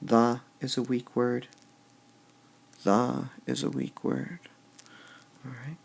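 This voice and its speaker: Slow, gravelly-voiced male teacher. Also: medium pitch, little pitch movement. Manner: slow, stops to repeat words with shifting stress; says "all right" often between steps. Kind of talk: recorded lesson explaining poetic meter.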